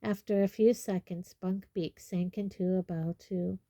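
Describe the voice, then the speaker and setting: A woman narrating a storybook chapter in a measured, expressive reading. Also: mid-range voice, no echo. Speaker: audiobook reader.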